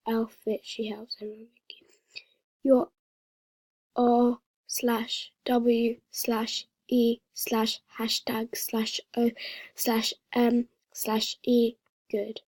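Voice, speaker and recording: Breathy, slow-talking female gamer vlogger. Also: fairly high pitch, a little mellow, dry recording. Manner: chatty and dramatic, often half-whispering. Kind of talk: casual gaming vlog commentary.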